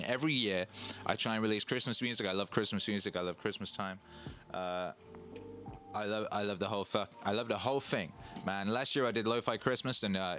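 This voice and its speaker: A man hosting a casual livestream, hyped and boastful, repeating himself and giving shout-outs to viewers. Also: on the low side. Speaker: livestream host and DJ. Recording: faint music in the background. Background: Christmas music playing.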